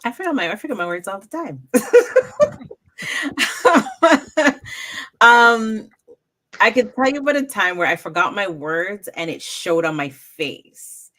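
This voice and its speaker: A woman storyteller talking as an interview guest, animated, acting out the quoted moments in her stories. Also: slow, pauses often, a little hiss or hum. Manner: animated, acts out quoted moments with raised pitch. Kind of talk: casual interview chat.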